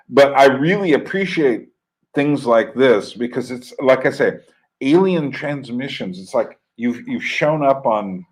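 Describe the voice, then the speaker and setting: A man's voice: mid-range voice, darkish tone, rough recording. Rambling man hosting a radio stream. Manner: rambling, with many fillers and restarts. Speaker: internet radio host. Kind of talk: casual storytelling monologue.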